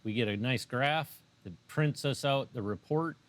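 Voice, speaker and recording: Calm, matter-of-fact male engine manager. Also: mid-range voice, normal speed. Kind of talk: explaining equipment on a shop tour. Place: engine shop dyno room.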